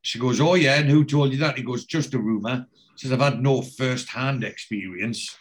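A man hosting a casual podcast, retelling a TV episode scene by scene and quoting the characters' lines, with a steady "he says" between quotes. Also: medium pitch, normal speed. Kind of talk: casual chat recapping a TV episode.

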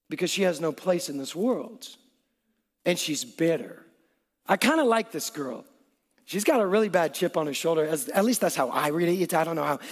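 High-voiced pastor preaching in a hall. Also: male voice. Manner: conversational, animated, acts out quotes. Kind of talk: sermon.

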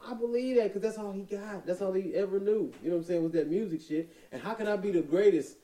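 A man's voice: sits high, fast talker, warm tone. A man co-hosting a podcast, joking and agreeing in casual, profane banter with frequent laughter. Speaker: podcast co-host.

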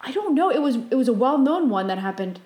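Animated woman telling a dream story. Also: reverberant. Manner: animated retelling, voices her own panicked quotes high and fast. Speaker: podcast co-host. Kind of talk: casual storytelling chat.

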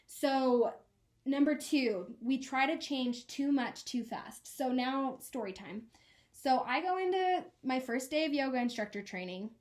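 A woman's voice: on the high side, darkish tone. A young woman in her twenties, a podcast co-host, telling a personal story in an earnest, emotional way. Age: 20s. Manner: earnest, emotional, quick laughs. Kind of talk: casual chat, personal story.

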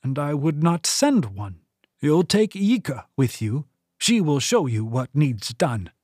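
Male narrator doing an imperious older woman leader for an audiobook; slow, lifted pitch, dry close sound. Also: big pitch swings, darkish tone, slightly rough, dry recording, full character voice. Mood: commanding. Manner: stern, imperious, measured. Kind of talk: audiobook character voice.

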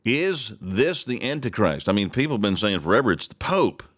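A man's voice: on the low side, sing-song, moderate pace, fairly bright tone. A man hosting a casual morning talk show, reading news items aloud and rambling through his own asides with the odd chuckle.

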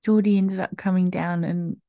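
A young woman hosts her own podcast and talks through a personal story, looping back on herself with plenty of fillers and little laughs. Her voice is mellow and relaxed. The recording is close and dry, with no room sound. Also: lowish voice, moderate pace, gravelly, dry recording. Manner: chatty, rambling, many fillers and restarts, laughs often. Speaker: podcast host.

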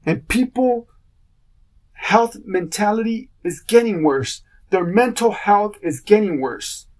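A man's voice: high-pitched, lively intonation, takes it slowly. A man hosting his own podcast, talking in a casual rambling monologue and acting out what people said to him. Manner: rambling storytelling, acts out quotes. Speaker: podcast host.

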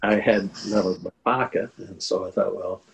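Older man, deep voice, earnest interview storyteller with fillers. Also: steady tone, normal speed, vocal fry, rough recording. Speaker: guest telling a war veteran story.

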